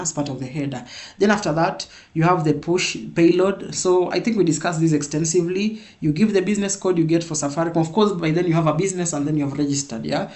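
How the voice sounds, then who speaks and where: A man teaching a live programming class, repeating points and checking in with "yeah?". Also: a little high. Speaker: programming instructor.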